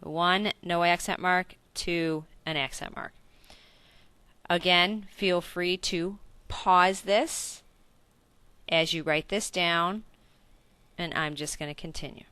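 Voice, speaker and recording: A woman's voice: on the low side, fairly even intonation, slow pace, bright, forceful tone, clear, resonant tone, no room sound. A woman teaching a recorded Spanish grammar lesson in English, explaining step by step, checking in with questions and correcting her own slips.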